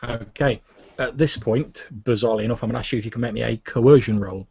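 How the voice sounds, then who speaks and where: Male GM, casual narrator, husky and dry-sounding. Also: mid-range voice, fast, a little mellow, no room sound, dull audio. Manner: casual, many "like" fillers. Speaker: game master. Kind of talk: narrating a tabletop game.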